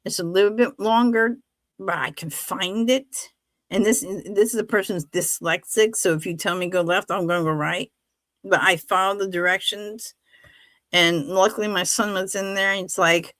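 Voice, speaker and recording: A woman hosting a casual faith chat on a livestream, telling animated stories, acting out what others said and laughing often. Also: fairly high pitch, normal speed, dry recording. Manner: animated storytelling, acts out quoted voices, laughs often. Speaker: livestream host.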